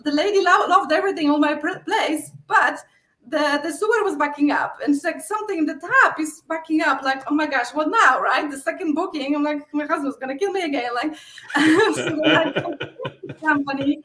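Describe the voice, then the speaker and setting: A high-pitched, bright, forceful voice at a moderate pace belongs to a middle-aged woman from Poland with a Polish accent. Guesting in a casual interview as a real estate investor, she tells stories, performs her own quotes, and laughs often, recorded in an echoey room.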